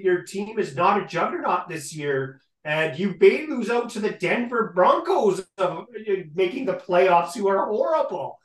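Animated ranting man, echoey off-mic sound. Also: high-pitched, unhurried, few pauses, distant mic. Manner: animated, ranting, repeats catchphrase. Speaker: podcast co-host. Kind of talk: casual sports talk rant.

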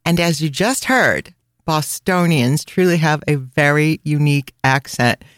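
A woman's voice: deep voice, lively intonation, unhurried, no room sound. Woman podcast host, chatty and easygoing, reading listener reviews aloud over a dry close mic. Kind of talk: casual podcast chat.

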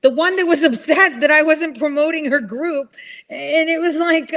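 A woman ranting in casual chat, rambling and swearing, switching to a higher voice when she mimics other people. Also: moderate pace, a bit bright.

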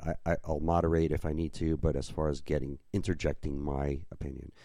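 A man with a very deep, mellow voice co-hosts a casual podcast and talks in an easygoing way. He often stops and restarts his sentences. The sound is dry and close to the mic. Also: level tone, a little fast, no room sound. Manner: easygoing, with frequent restarts and laughs. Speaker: podcast co-host and group admin. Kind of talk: casual chat.

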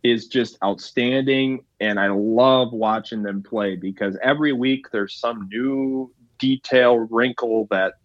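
A man analyzes football as a podcast guest, his voice sitting a little low as he strings together long lists of plays. His audio is dry and dull, with a muffled lo-fi quality. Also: dry recording. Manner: analytical, with restarts and emphatic run-on lists.

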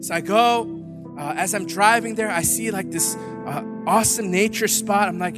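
A man's voice: sits high, fairly quick, over music. A man giving a candid, humorous sermon testimony, telling his story with frequent filler words. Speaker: preacher.

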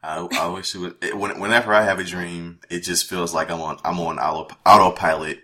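Casting: young man, very low voice, bright tone, rambling and casual podcast co-host. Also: steady tone, a little fast. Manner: rambling, laid-back, swears casually. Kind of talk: casual chat.

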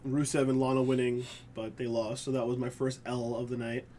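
A man hosting a wrestling podcast, chatty and quick to laugh in casual talk. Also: medium pitch, little pitch movement, warm tone, a little hiss or hum. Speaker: podcast host. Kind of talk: casual chat.

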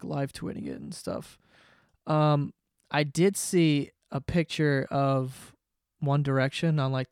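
A young man with a slightly high, smooth voice rambles through a profane solo podcast rant. He laughs at himself and restarts often. The sound is dry and close. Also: no echo. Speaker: podcast host.

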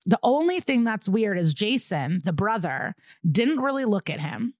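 A woman's voice: medium pitch, very animated, moderate pace, darkish tone, no room sound, studio quality. A woman co-hosting a podcast, animatedly retelling a true-crime case in casual chat, acting out quotes and swearing freely. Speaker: podcast co-host.

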